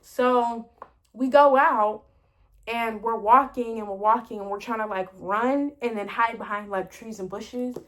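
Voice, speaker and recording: Woman vlogger, casual storytime, rambling and exasperated, slightly high pitch. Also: fairly even intonation, unhurried. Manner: chatty, rambling with lots of "like" fillers; exasperated, venting retelling.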